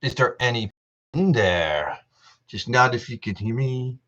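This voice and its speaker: A man's voice: mid-range voice, expressive, measured pace, a bit bright, dull audio. Rambling man on a home live stream. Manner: rambling, self-mocking, restarts and laughs often. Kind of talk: casual live stream chat with viewers. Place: upstairs room at home. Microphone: testing camera mic and desk mic.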